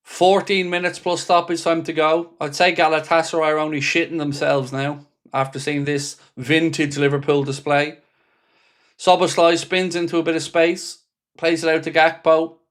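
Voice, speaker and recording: Hosting a live football watchalong, this fan channel presenter sounds frustrated and exasperated, cursing freely as he commentates on the unfolding match. He reads and responds to viewer messages between plays. His voice is a little high with little pitch movement, at a moderate pace.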